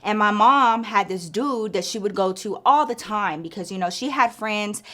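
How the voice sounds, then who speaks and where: A woman's voice: medium pitch, lively intonation, normal speed, fairly bright tone. A woman vlogger telling a story in casual chat, swearing freely and packing her talk with fillers. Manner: profane, chatty, full of filler "like".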